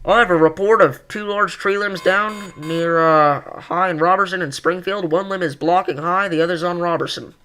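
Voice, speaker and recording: A man's voice: high voice, normal speed, few pauses, sharp tone, clear, resonant tone, voice pushed up, rough recording. A man putting on the voice of a male amateur radio operator reading out a damage report in a formal, clipped radio delivery.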